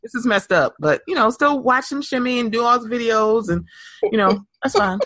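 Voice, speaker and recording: Lively, sing-song woman podcast host. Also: on the high side, normal speed, no echo. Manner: animated, sing-song, laughs often. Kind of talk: casual chat.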